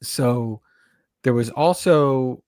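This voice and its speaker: A man's voice: mid-range voice, extremely slow, no echo, clean studio sound. A man co-hosting a podcast, talking casually and at length, often restarting his sentences as he recaps scenes. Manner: rambling, self-correcting, animated recaps. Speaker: podcast co-host. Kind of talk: casual chat about a horror movie.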